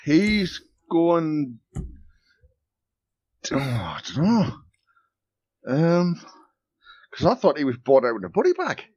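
Male tabletop player, animated pitch swings, slightly high voice, scheming and playful. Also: unhurried, pauses often, slightly rough, no room sound, highs cut off. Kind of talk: casual tabletop game play.

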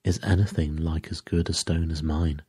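A man's voice: very deep voice, fairly even intonation, normal speed, dark tone, slightly rough. A man voicing a vain, proud film actress with a haughty, dismissive manner.

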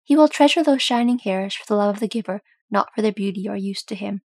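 A grim, weary ranger, read by a woman, speaking gravely and measuredly as he tells an old tale. The voice is rough with fry and a touch husky. It is a close, dry audiobook reading. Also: medium pitch, fast talker, no echo, natural voice.

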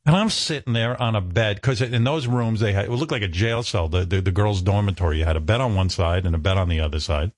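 A man's voice: on the low side, fast, few pauses, no room sound. A man telling stories from his own life in a casual, self-mocking way, acting out other people's lines. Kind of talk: casual storytelling chat.

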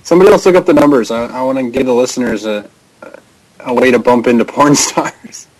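A young man co-hosts a casual prank call show. He rambles through long anecdotes in an average-pitched voice and chuckles as he goes. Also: fairly quick, low-quality recording. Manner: rambling storyteller, chuckles often. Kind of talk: casual chat.

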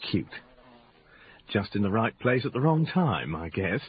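A stammering reporter, tinny sound. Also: male voice, lowish voice, big pitch swings, unhurried, breathy edge, exaggerated voice. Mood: chatty. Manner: hesitant, stammering, with fillers. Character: hesitant, nosy male reporter. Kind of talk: radio drama acting. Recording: tinny phone-like radio sound with faint hiss.

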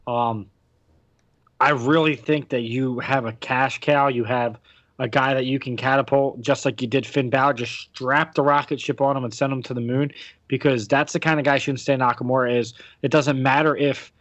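A man's voice: mid-range voice, steady tone, moderate pace, fairly bright tone, no room sound, muffled recording. An American man hosting a podcast, chatting casually about wrestling with lots of fillers and restarts. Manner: rambling, many fillers and restarts. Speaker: podcast host.

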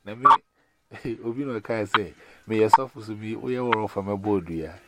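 A man's voice: on the low side, normal speed. A man chatting casually on a call, rambling in broken pidgin English and often laughing. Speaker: caller. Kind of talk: casual chat. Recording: loud noisy call recording.

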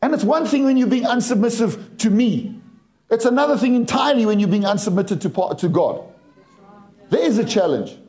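Higher-voiced English preacher. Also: male voice, expressive, a little fast, a little mellow. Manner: preaching with humor and storytelling. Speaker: pastor. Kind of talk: sermon.

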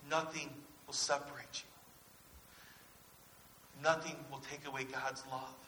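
Delivering a sermon in church, this pastor speaks slowly in a medium-pitched voice that is level yet bright and forceful, putting earnest questions to the congregation. Faint hiss and church echo fill the recording.

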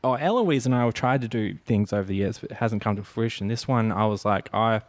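A man hosting a casual chat, relaxed and rambling as he thinks aloud. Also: fairly low pitch, quick pace, no room sound.

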